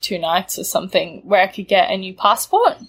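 A woman's voice: mid-range voice, animated, a little fast, fairly bright tone, husky. A young Australian woman in her twenties, casually telling a story, laid-back and laughing often. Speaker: guest telling a travel story.

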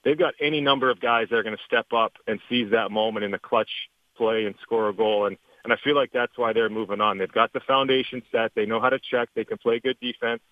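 A man's voice: mid-range voice, fairly even intonation, brisk, dry recording. A Canadian man, a former hockey player, chatting easily about playoff hockey as a guest analyst over the phone. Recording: tinny phone line, dry.

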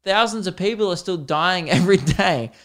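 A man hosts a comedy podcast alone, rambling and swearing as he mocks himself. His voice sits a bit high and sounds smooth and clear. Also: lively intonation, normal speed, fairly bright tone. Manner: rambling and sweary, self-deprecating. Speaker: podcast host. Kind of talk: solo comedy podcast rant.

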